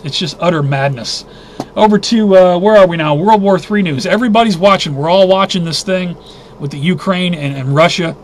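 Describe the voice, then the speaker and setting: Male host, high voice, agitated news roundup, faint hiss behind. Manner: agitated, indignant, thinking aloud with restarts. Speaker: host of a weekly news briefing. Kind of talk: casual news roundup commentary.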